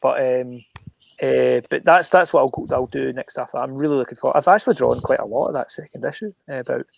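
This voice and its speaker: A man's voice: medium pitch, fast, vocal fry, husky, dry recording. A man telling stories as a guest on a casual podcast, swearing freely and laughing mid-sentence. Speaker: guest comic artist.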